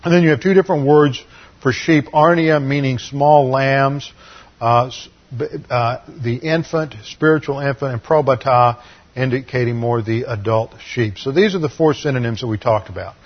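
A man's voice: medium pitch, normal speed, highs cut off. A man teaching a sermon lecture on scripture, explaining word meanings methodically and often restarting his sentences. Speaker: Bible teacher.

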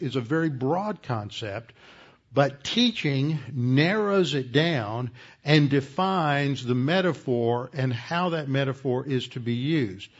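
Guy teaching a bible class, mid pitch, calm and explaining, fixes his own slips, kinda muffled audio. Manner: measured, explanatory, self-correcting. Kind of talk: teaching a lecture.

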